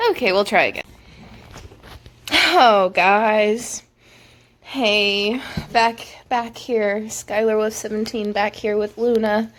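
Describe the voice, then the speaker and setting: A young woman vlogging at home, cooing baby talk to her infant between casual chat with viewers. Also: mid-range voice. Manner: gushing baby talk with frequent giggles.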